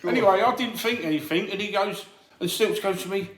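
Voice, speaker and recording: A man, a former doorman, telling a lively anecdote in casual chat and acting out the voices of the people in it. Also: sits high, fast. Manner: animated storyteller acting out other people's voices. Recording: echoey room.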